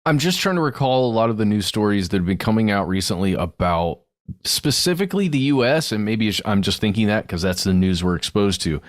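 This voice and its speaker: A man's voice: lowish voice, animated, a little fast, no room sound, clean studio sound. A man co-hosting a podcast, thinking aloud in a hesitant, casual way. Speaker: podcast co-host.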